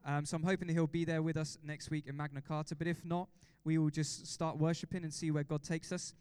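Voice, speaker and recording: Male pastor, high clear voice, dry close sound; fired-up preacher who keeps quizzing the room. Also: fairly quick, no room sound. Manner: excitable, exhorting congregation with repeated questions. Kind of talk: sermon.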